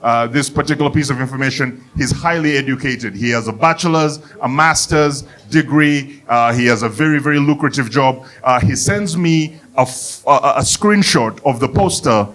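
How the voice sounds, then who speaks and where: A man performing a stand-up comedy set on a club stage, telling a story with animated delivery that rises to shouted punchlines. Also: medium pitch, moderate pace, hardly any pauses. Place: comedy club stage before a live audience.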